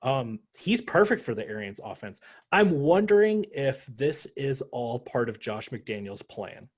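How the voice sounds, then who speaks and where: A man co-hosting a casual sports podcast, swinging between muttered asides and loud, animated rants. His talk is full of jokes and swearing, at a mid pitch. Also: measured pace, husky. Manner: animated, profane, joking rants. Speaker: podcast co-host.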